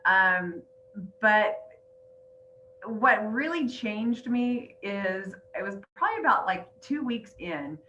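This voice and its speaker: A woman's voice: mid-range voice, animated, slow, pushed and bright, lo-fi sound, slight background noise. A middle-aged woman and grandmother earnestly telling her personal story on a group call, teary and emotional. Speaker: weight-loss coach sharing her story. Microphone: online call.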